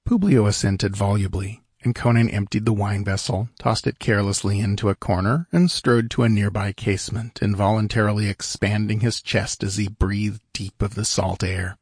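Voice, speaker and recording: A man tells the story in a measured, descriptive way, his low voice carrying a husky grain. The recording is close and completely dry, with no room sound at all. It suits a steady audiobook read. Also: no echo. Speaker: audiobook narrator. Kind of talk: scripted narration.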